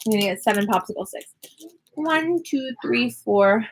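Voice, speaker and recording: A woman vlogging from her home classroom, chatting casually and upbeat with quick laughs while she crafts. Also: a little high, lively intonation, slight background noise. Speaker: vlogger and online teacher.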